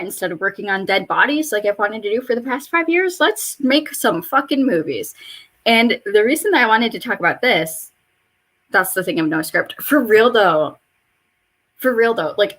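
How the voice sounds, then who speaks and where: Rambling, swearing woman in her twenties. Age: mid-20s. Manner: rambling, profane, with sudden high excited jumps in pitch. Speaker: vlogger. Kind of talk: casual rambling chat while getting ready. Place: bedroom at home.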